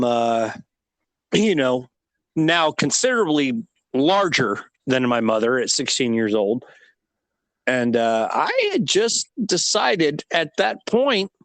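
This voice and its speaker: Man in his 30s, unhurried storyteller, pitch swings widely, dry close sound. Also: no room sound. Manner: animated storyteller who laughs at himself. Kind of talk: casual storytelling conversation.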